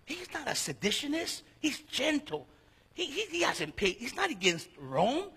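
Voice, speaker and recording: A man's voice: very high voice, huge pitch swings, moderate pace, pushed and bright, slightly rough, pitched above the performer's own voice, exaggerated voice. A man voicing an exasperated Roman governor, protesting and incredulous, in a long-echoing hall.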